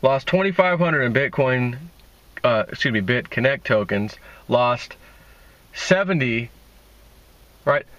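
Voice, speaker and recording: A man's voice: medium pitch, lively intonation, slow pace, pauses often, fairly bright tone, no echo, highs cut off. A man hosting a casual crypto video, talking in a sarcastic, mocking, rambling way. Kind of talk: casual opinion monologue.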